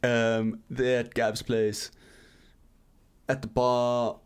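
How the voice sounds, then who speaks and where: A man's voice: medium pitch, flat delivery, very slow, clear, resonant tone. A man from South Africa co-hosting a podcast, telling rambling anecdotes in casual chat and swearing freely. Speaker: podcast co-host.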